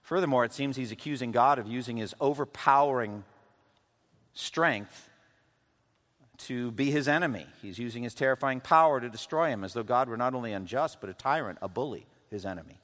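A man preaching a sermon, swinging from loud, intense passages to hushed, quiet lows. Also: fairly quick. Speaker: pastor. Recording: long hall reverb.

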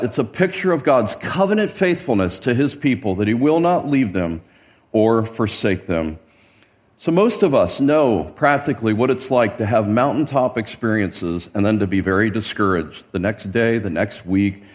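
A man delivers a sermon in a church. His voice sits at an ordinary middle pitch. He talks to the congregation conversationally, stressing words and putting rhetorical questions to them. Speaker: pastor.

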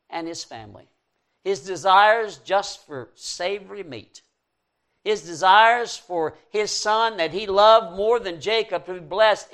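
A man preaching a sermon in an earnest, emphatic way, pushing key words up loud and letting conclusions drop soft. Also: on the high side.

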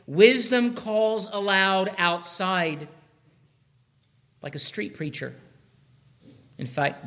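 A pastor delivers a sermon, swinging between hushed lines and shouted ones while posing rhetorical questions to his listeners. His voice sits high.

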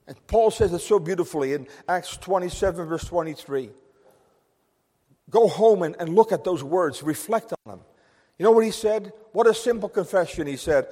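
A man preaching a sermon in an earnest, emphatic way, swinging between loud stress and quiet. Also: fairly high pitch, animated, normal speed. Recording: long hall reverb.

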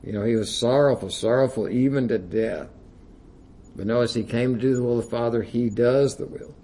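A man's voice: medium pitch, fairly quick, warm tone. A man preaching a sermon, reading King James scripture aloud with rising emphasis and using frequent "you know" fillers.

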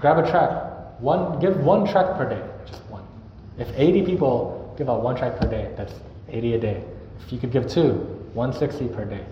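A man's voice: medium pitch, moderate pace, few pauses. A young man preaching a sermon in an earnest, conversational way, now and then acting out sample greetings. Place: church hall. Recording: echoey, dull hall recording with noise.

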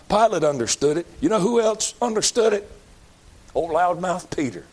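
A middle-aged Baptist preacher, preaching a folksy sermon that climbs into shouted emphasis. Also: male voice, on the high side, husky.

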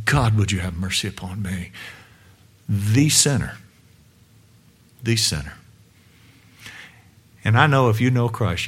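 A male preacher delivering a sermon to a congregation in a church room, emphatic, with many rhetorical questions, swinging between loud and hushed. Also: on the low side.

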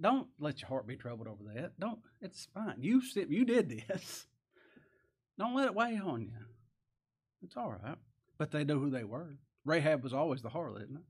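Preaching as a pastor, a man delivers a folksy, funny sermon, shifting between soft, quiet lines and loud, building emphasis. His voice is fairly high.

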